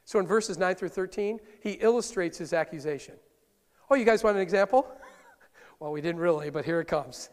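High-voiced male pastor preaching. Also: normal speed, long reverb tail. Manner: lively, conversational, asks the congregation questions. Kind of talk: sermon.

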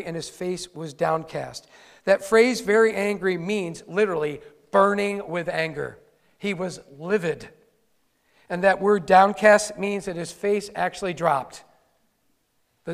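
A man's voice: sits high, gravelly. A male pastor preaching a conversational sermon with wry asides to his congregation. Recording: long hall reverb.

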